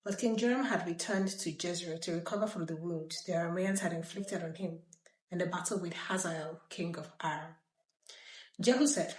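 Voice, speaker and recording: A woman reads scripture aloud with a slightly low voice. She reads with lively expression and stops for chatty asides. The room around her rings with echo. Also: normal speed. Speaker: Bible reader. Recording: roomy echo.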